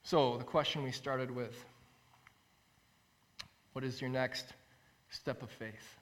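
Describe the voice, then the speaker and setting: Bright-voiced male pastor preaching. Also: medium pitch, slow pace. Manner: animated storytelling, acts out quotes with rising voice; earnest, repeats phrases for emphasis. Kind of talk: sermon.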